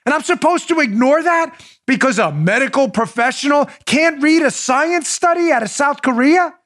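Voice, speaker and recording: A middle-aged man from New York delivers heated political commentary in a fairly high voice. He stacks sarcastic rhetorical questions with indignant force. At times he turns soft and confiding with his listeners. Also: expressive, normal speed. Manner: swings to soft, confiding asides. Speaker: podcast host.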